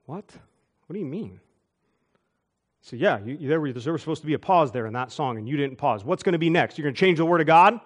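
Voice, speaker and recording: A man preaching a sermon, telling church stories with quick asides and chuckles. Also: a little high. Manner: animated storytelling with asides and chuckles. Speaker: pastor. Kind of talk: storytelling sermon.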